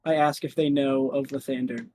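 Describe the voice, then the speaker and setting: A man playing a tabletop game, speaking in a halting, hesitant way. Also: medium pitch, steady tone, warm tone, slight background noise. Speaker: player.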